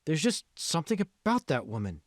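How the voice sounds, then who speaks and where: A man's voice: a little high, wildly swooping pitch, a little fast, no room sound, clean studio sound, pitched above the performer's own voice. A man doing a wary, blunt young woman. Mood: suspicious. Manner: terse, skeptical.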